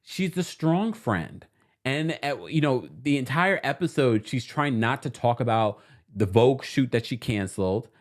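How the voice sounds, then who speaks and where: Chatty male recap host from New York, animated, expressive delivery, reads viewer comments. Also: medium pitch, measured pace. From New York City. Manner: animated and chatty, laughing often. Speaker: host of a reality TV recap show. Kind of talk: casual livestream chat, reading viewer comments.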